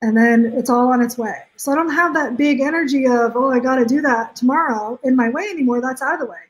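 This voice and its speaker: A woman's voice: sits high, quick pace, low-quality recording. A woman coaching her viewers on a live stream, upbeat and emphatic, acting out the things people say. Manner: upbeat and emphatic, acts out quotes. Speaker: life coach.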